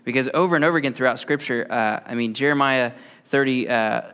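A man in his thirties giving a conversational sermon, relaxed and often pausing on "uh" between thoughts. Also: medium pitch, clean tone. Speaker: preacher.

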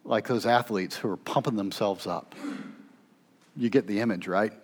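A man preaching a sermon as pastor, with dramatic swings between loud intensity and hushed near-whispers. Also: lowish voice, normal speed.

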